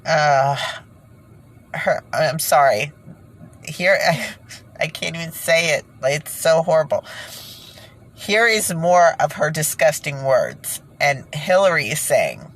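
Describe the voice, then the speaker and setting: Low, slow-talking woman ranting indignantly. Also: very animated, rough recording. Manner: indignant, ranting, with nervous laughs and sighs. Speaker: vlogger. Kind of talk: casual monologue to camera.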